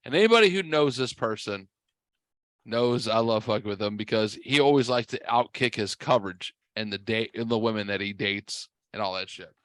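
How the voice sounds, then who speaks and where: A man hosting a podcast who tells stories in a rambling, foul-mouthed way, a bit tipsy from drinking, his voice jumping high when he gets excited. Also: fairly quick, no echo. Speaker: podcast host. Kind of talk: casual storytelling.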